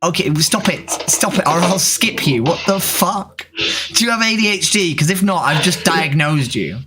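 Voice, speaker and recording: A woman's voice: fairly low pitch, animated, normal speed, sharp tone, slight background noise. A trans woman hosting a video chat stream, joking and teasing strangers in casual talk. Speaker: livestream host chatting with strangers. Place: home room, seated at camera.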